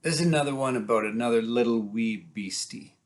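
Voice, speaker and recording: A man telling folk tales aloud, animated and dramatic, building up and dropping his volume. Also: medium pitch, fairly quick. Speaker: storyteller. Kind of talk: oral folk-tale storytelling.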